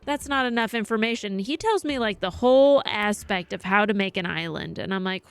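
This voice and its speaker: A woman's voice: medium pitch, fairly quick, vocal fry, few pauses, clear, resonant tone, no echo. A woman live-streaming, telling a rambling story in casual chat and swearing freely.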